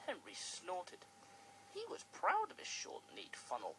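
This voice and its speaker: A storyteller reading a children's storybook aloud with expressive delivery. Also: medium pitch, unhurried, a little hiss or hum, poor audio. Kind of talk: storybook narration.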